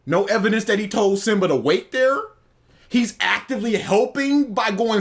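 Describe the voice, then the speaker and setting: A man co-hosting a casual podcast, reacting in an animated, incredulous way. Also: high-pitched, moderate pace. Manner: animated, incredulous, rants with acted quotes. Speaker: podcast co-host.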